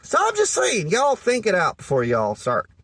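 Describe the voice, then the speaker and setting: A man's voice: high voice, huge pitch swings, moderate pace, fairly bright tone, slightly rough, no echo, heavily acted. A man playing a folksy Southern good ol' boy with a Southern US accent, rambling through dating advice in a comedic monologue. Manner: rambling, folksy, full of "you know".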